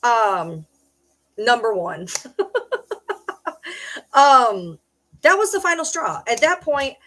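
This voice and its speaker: A woman's voice: fairly high pitch, sing-song, slow pace, bright, forceful tone. A middle-aged woman hosting a livestream, ranting in an agitated way, swearing and repeating herself. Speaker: livestream host. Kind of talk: livestream rant.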